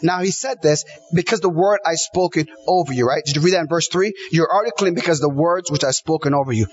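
A man's voice: fairly high pitch, fast talker, highs cut off, a little hiss or hum. A man preaching a sermon, emphatic, piling up repeated phrases and quoting scripture. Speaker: pastor.

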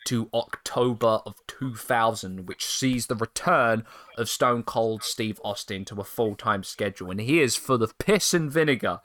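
A man's voice: on the low side, normal speed. A man co-hosting a podcast, casually recapping a story with frequent laughter. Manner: animated storyteller, laughs often. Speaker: podcast co-host.

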